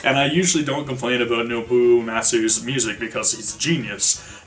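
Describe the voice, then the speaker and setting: A man's voice: medium pitch, fairly bright tone. Man reviewing a game, casual and rambling, mic a bit far off, faint music behind. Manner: rambling, many fillers and restarts.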